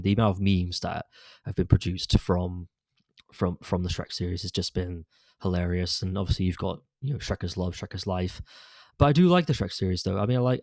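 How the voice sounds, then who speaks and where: On his own podcast, a man chats loosely about movies, offering frank takes while stumbling through fillers and restarts. His voice is deep with a darkish tone, and the recording is dry.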